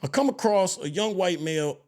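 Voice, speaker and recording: Animated, high-voiced man telling a story. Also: a little fast. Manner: animated storytelling, swears freely, swings pitch and loudness. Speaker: podcast co-host. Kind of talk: casual podcast chat.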